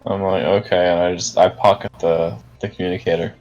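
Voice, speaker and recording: A man's voice: sits low, little pitch movement, a little fast, darkish tone, highs cut off, faint music behind. A man playing a tabletop role-playing game, joking and hesitant, with some swearing. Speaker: player. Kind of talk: casual tabletop game play.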